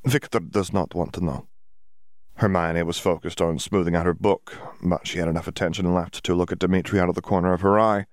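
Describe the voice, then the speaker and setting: A man narrating a story in a steady, even reading manner. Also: sits low, fast talker, hardly any pauses, dry recording, clean studio sound.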